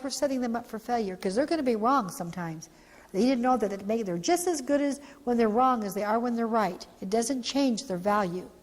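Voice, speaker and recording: Woman w/ a higher voice teaching parents, heartfelt storytelling, big echoey hall. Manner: heartfelt, animated, acts out quotes. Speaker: founder and parent trainer. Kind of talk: storytelling training talk.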